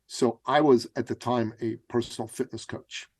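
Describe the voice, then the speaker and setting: A middle-aged man telling a story as a podcast guest, acting out the voices in it with big leaps in pitch. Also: fairly even intonation, normal speed, darkish tone, husky, no room sound. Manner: acts out dialogue with big jumps in pitch. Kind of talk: animated storytelling.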